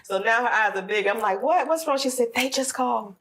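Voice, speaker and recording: A woman's voice: on the high side, brisk, a bit bright. A woman from Florida telling an emotional personal story on a podcast, acting out her prayers and what others said. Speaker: podcast guest.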